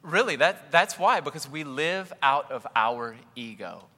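A man's voice: fairly high pitch, expressive, unhurried, bright, forceful tone, long reverb tail. A man giving a humorous, conversational sermon as a pastor, acting out little scenes and chuckling often. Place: church sanctuary.

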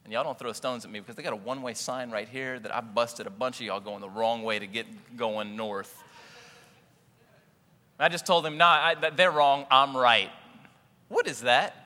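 A man's voice: mid-range voice, normal speed, pushed and bright, big-room sound. A man giving a humorous, conversational sermon as a pastor, acting out little scenes and chuckling often. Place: church sanctuary.

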